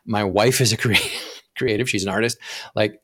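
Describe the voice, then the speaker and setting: A man's voice: lowish voice, fairly even intonation, moderate pace, fairly bright tone, breathy edge, no room sound, studio quality. A man speaking as a podcast guest who explains with animation, acting out inner voices and often stumbling and restarting his sentences. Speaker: podcast guest, profit coach. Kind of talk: podcast interview conversation.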